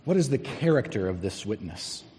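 A male pastor preaching a sermon, telling a story and slowing down to stress key words. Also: fairly low pitch, big pitch swings, darkish tone. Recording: long hall reverb.

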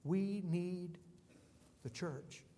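A man's voice: high-pitched, very slow, dark tone. A man preaching a sermon as a pastor, emphatic and declamatory, building through rhythmic repetitions. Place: church sanctuary. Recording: long reverb of a large hall.

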